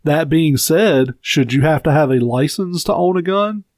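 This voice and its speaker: A man's voice: fairly high pitch, expressive, normal speed, darkish tone, no room sound. A man with a Southern US accent co-hosting a podcast, giving blunt, profane opinions in casual chat. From Southern United States. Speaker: podcast co-host.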